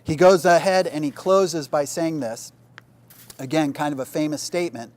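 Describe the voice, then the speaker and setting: A man's voice: a little high, moderate pace. A middle-aged man, a pastor, giving a casual, conversational teaching talk to a small group, using easy fillers and a light joke. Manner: relaxed, conversational, with fillers and jokes.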